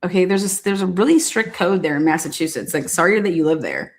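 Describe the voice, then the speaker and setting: A woman's voice: lowish voice, fast. A woman hosting a live stream, chatting casually with viewers in a sassy, blunt way and swearing now and then. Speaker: livestream host.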